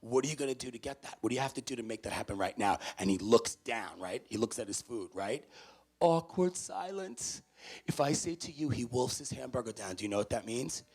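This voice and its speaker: A man's voice: mid-range voice, fairly quick, vocal fry, slightly rough. A man from New City, a motivational speaker telling a story to students and acting out each character's voice. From New York City. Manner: animated, acts out every character's voice. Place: large hall with audience.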